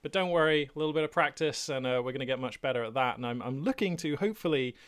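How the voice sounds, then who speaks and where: A man's voice: mid-range voice, fast talker, fairly bright tone, clean tone. A man chats to his channel from a small hobby room at home, recorded on a simple webcam setup. His voice sits in a mid register, and he talks in a loose, unscripted way, wandering through thoughts with plenty of ums, uhs and false starts. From England. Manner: rambling, many fillers and restarts, chatty. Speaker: gaming channel host. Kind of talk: casual unscripted monologue.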